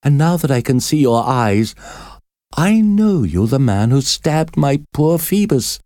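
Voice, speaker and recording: A man reading a story voices a frightened, defiant young woman prisoner, speaking high, pleading and trembling. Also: expressive, unhurried, dark tone, no room sound, studio quality, lightly acted. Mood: accusing.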